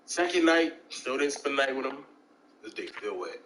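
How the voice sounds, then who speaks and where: Guy storytelling on stream, lively voice that jumps around, a bit of background hiss. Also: normal speed, rough recording. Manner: animated, acts out quoted voices with big pitch jumps. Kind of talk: casual storytelling chat.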